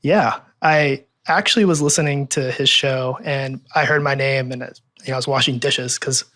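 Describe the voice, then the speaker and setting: A man's voice: mid-range voice, steady tone, moderate pace, bright, forceful tone. Easygoing self-deprecating young man. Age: 20s. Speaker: interview guest, research analyst and columnist. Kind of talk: casual interview chat. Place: in-person recording at a table in a room.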